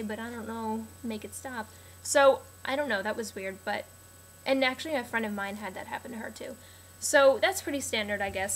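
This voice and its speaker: Young woman rambling thru a story for her vlog, kinda high voice, lots of "like". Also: a bit bright. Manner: chatty, rambling, lots of "like" and restarts. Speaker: vlogger. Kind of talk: casual storytelling to camera.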